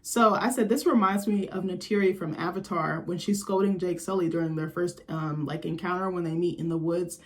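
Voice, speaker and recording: A woman's voice: on the low side, fairly even intonation, a little fast, hardly any pauses. Brief: young woman vlogger, casual film commentary, blunt and slangy, lots of jokes. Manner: candid, joking, slangy and profane.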